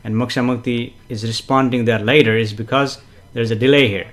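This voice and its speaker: A man hosting a casual live stream, greeting viewers and reading their comments, chatty and gently explanatory with frequent fillers and soft chuckles. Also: mid-range voice, fairly even intonation, fairly quick. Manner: gently explanatory, repeats himself for emphasis. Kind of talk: casual live-stream chat with spiritual teaching.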